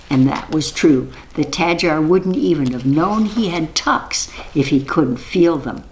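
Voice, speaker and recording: Low, slow-voiced woman telling a story. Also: slight background noise, rough recording. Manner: gentle, rhythmic, repetitive telling. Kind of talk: children's story reading.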